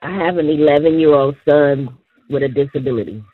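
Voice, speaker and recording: A woman's voice: low voice, brisk, slightly rough, dry recording. A woman caller on a phone call, polite and direct, heard over a tinny phone line.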